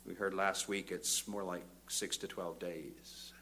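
An older man preaches a sermon. His voice is bright and forceful, and he swings between low, thoughtful passages and rising, ringing appeals. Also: level tone, slow. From Northern Ireland. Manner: builds from quiet reflection to loud fervent exhortation.

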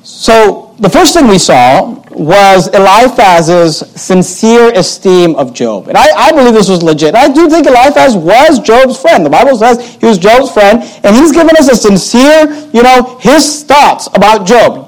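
A man's voice: high-pitched, big pitch swings, measured pace, hardly any pauses, rough recording. A man preaching and teaching through a Bible passage, reading verses aloud and explaining them with emphatic repetition. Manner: emphatic, repeats phrases, reads scripture aloud.

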